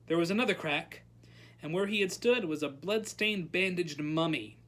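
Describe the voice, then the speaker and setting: At storytime, a librarian reads a novel aloud in an animated way, calling out each character's lines. Her voice is mid-range and her pace moderate.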